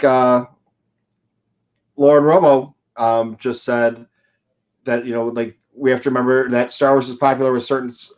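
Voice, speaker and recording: A man with a mid-pitched voice hosts a live fan chat in a rambling, casual way. His dull, lo-fi audio sounds muffled. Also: darkish tone. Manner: rambling, with fillers and quoted asides.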